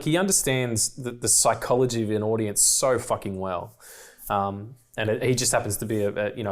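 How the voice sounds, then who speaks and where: Excitable rambling podcast man from Australia. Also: medium pitch. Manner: rambling, excitable, swears freely, laughs often. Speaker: podcast co-host. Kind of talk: casual film commentary chat.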